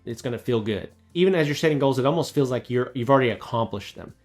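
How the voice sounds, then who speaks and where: Man, thirties, business coach, emphatic motivational talk, mid-pitched voice, faint music underneath. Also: animated, fast, a little mellow. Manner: emphatic and motivational, rhetorical questions. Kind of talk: direct-to-camera coaching talk.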